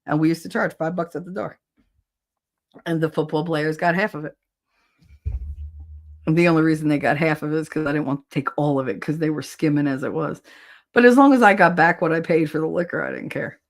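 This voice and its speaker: A woman's voice: sits low, fairly quick, pauses often. Blunt, swearing woman livestream host. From New Jersey. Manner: blunt, swearing, laughing often. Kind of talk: casual livestream chat reading comments.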